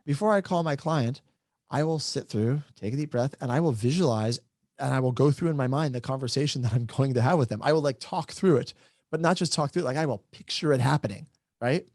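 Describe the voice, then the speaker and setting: A man moderating a casual discussion, talking quickly and working through ideas with practical examples. He often checks in with his listener as he goes. His voice is dry and close, with no room sound. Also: mid-range voice, darkish tone, dry recording. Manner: brisk, explanatory, keeps adding "right?". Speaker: moderator, real estate agent.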